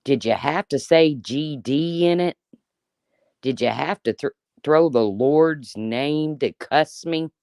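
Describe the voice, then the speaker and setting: Slow, profanity-laced ranting woman in her fifties. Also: low-pitched, darkish tone, no room sound, clean studio sound. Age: 50s. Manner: angry, profane and sarcastic. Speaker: YouTuber. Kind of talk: live-stream rant.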